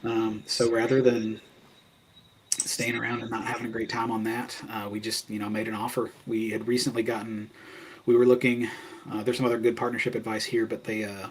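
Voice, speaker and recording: A man's voice: on the low side, level tone, a little fast, slight background noise, low-quality recording. A man talking as a podcast guest, telling his business story in a candid, casual way full of "like" fillers. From Kentucky. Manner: candid, conversational, frequent "like" fillers.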